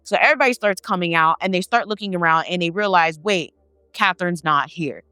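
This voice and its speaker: A woman telling a family story in casual talk, swearing and acting out her relatives' lines with animated energy. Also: on the low side, brisk, smooth, dry recording. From Haitian family.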